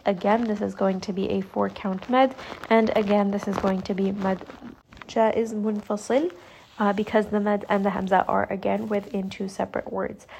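A woman teaching Quran recitation rules, calm and deliberate, slowly modelling each sound for her students. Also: mid-range voice, creaky, a little hiss or hum. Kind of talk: step-by-step recitation lesson.

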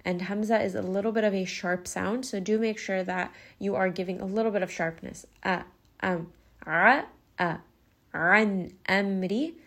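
A woman teaching Quran recitation rules in a calm, methodical way, pausing to model words slowly. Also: medium pitch. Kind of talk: tajweed lesson, explaining and modelling recitation.

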